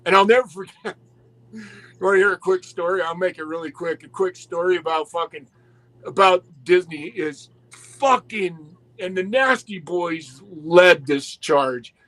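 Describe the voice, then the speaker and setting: High-voiced, foul-mouthed male storyteller. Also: measured pace, rough recording. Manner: animated, swears constantly, restarts a lot. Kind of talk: casual profane storytelling.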